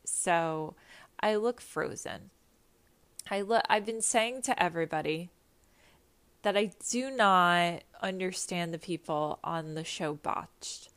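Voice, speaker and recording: A woman's voice: fairly low pitch, takes it slowly, a bit bright, clear, resonant tone. Stuffy-nosed woman chatting candidly. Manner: candid and profane, rambling storytelling. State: stuffy nose after nasal surgery. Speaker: podcast host. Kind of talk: casual chat. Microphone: makeshift backup mic.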